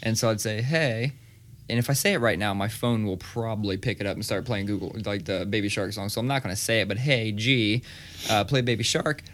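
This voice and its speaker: A man in his thirties co-hosting a podcast in casual chat, loose and swearing, with quick asides. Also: on the low side, fairly bright tone. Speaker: podcast co-host. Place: small studio. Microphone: studio microphone.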